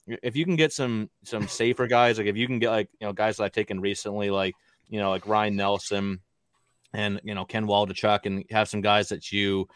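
Smooth-voiced man rambling on a podcast. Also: fairly low pitch, fairly bright tone, no room sound, clean studio sound. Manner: rambling, many fillers and restarts. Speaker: podcast co-host. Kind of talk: casual podcast chat.

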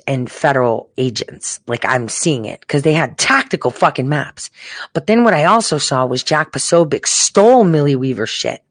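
A low-pitched female political commentator, recorded with no room sound, talks directly to her viewers. Her casual rant is heated and emphatic, with free swearing throughout.

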